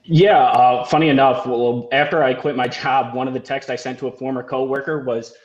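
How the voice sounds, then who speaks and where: A man co-hosting a podcast, chatting casually in a relaxed way and asking questions. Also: medium pitch, fairly quick, highs cut off. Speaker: podcast co-host. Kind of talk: casual chat.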